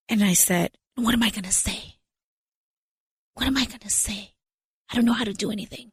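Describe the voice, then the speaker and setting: A woman, telling a story lively as a podcast guest and mixing in phrases. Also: medium pitch, fairly quick, husky, dry recording, studio quality. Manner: animated storyteller, switches into Spanish phrases. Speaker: podcast guest, business founder. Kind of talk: storytelling in an interview.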